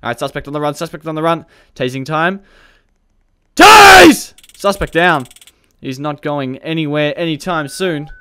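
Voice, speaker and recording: Bright-voiced joking gaming commentator man. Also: on the high side, fairly even intonation, moderate pace, few pauses, clean tone. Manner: chatty and joking, laughs often, barks commands at suspects. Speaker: gaming video creator. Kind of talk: gameplay commentary during police roleplay.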